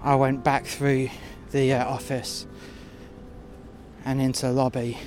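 A man's voice: mid-range voice, flat delivery, a little mellow, faint music behind. A man telling a workplace story outdoors in the freezing cold, blunt and full of profanity. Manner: blunt and profanity-laden, slowing when tired. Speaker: storyteller recounting a workplace incident. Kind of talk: profane angry first-person storytelling. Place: outdoors in sub-zero cold.

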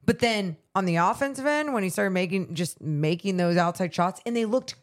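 A woman's voice: medium pitch, animated. Woman, sports podcast co-host, enthusiastic, chatty, mid-range voice. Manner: enthusiastic, chatty, quick reactions. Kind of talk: casual sports talk.

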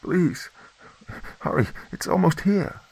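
Horror story: a man doing a frantic woman outside the door, high and trembling, begging. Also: slow, creaky, a little mellow, husky, no room sound, heavily acted. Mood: desperate pleading. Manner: high, trembling, desperate pleading. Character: terrified pleading young woman at the door.

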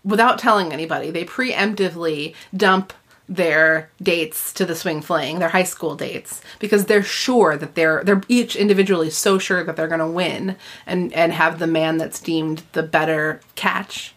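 A woman co-hosting a casual talk about a book, animated and chatty, with faint music in the background. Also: on the low side, normal speed. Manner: animated, reads passages with character voices. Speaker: podcast co-host. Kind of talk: casual book discussion with read-aloud passages.

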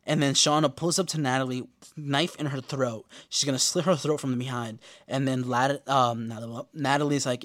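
A man hosting a podcast, giving a casual, profane episode recap and quoting characters in animated bursts. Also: mid-range voice, normal speed, dry recording, clean studio sound. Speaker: podcast host.

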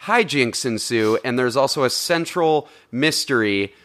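Male podcast host, casual banter, rambling, joking, swears, middle pitch. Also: animated, unhurried, a bit bright. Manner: jokey, rambling, swears freely. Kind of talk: casual comedic chat.

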